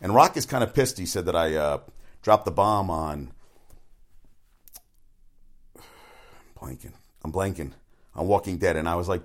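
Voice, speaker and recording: A man's voice: low voice, lively intonation, moderate pace, pauses often. A man hosting a sports talk show, rambling bluntly from one topic to the next with frequent restarts and swearing. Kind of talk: rambling casual monologue.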